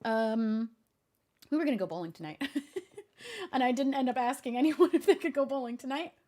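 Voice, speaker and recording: A young woman talks casually to her stream viewers in a slightly high voice. She laughs often between stories and delivers jokes in a deadpan tone. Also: normal speed. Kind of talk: casual chat.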